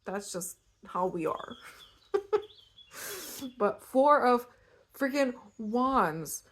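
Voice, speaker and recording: A young Eastern European woman gives a casual pick-a-card tarot reading, chatty, animated and given to tangents. Her voice is mid-range.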